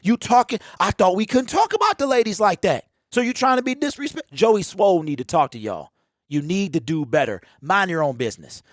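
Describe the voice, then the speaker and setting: A man's voice: sits high, very animated, brisk, dry recording, studio quality. A man in his forties hosting a fan livestream, rambling and teasing his chat in a casual rant. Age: 40s.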